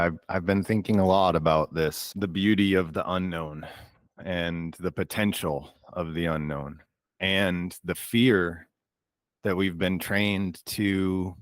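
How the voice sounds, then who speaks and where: A man hosting a group video call, talking slowly and gently, affirming the participants. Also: deep voice, no echo. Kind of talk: warm reflective group facilitation.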